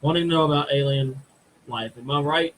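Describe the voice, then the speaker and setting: Hesitant host, higher male voice. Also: brisk, a bit bright, rough recording. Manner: hesitant, many fillers. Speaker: podcast host. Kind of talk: casual live-stream chat.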